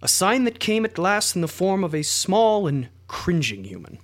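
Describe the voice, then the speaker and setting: A man's voice: high voice, very animated, normal speed, pitched above the performer's own voice. A man putting on a Russian accent to voice a solemn, brooding old mystic prophet in a dramatic podcast reading. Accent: put-on Russian.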